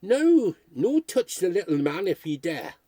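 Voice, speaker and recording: A man voicing a big, fierce, protective fishwife who shouts threats in a Tyneside accent. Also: high-pitched, lively intonation, unhurried, no echo, pitched above the performer's own voice. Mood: defiant shouting.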